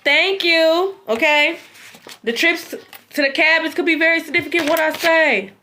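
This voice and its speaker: Brash, high-voiced tarot reader woman. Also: moderate pace. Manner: blunt, profane, animated. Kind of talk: casual tarot reading livestream.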